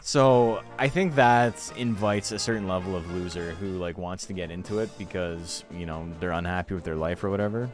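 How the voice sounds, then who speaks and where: A man's voice: low voice, fairly even intonation, moderate pace, hardly any pauses, soft background music. A man, chatting loosely and swearing casually while commentating a game tournament on a stream. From Canada. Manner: loose and profane, laughing often.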